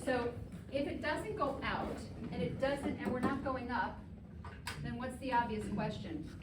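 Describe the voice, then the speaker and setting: A woman vocal coach leading a chorus rehearsal, giving lively, upbeat, chatty instructions in a rehearsal room. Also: on the high side, unhurried. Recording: distant mic with background noise.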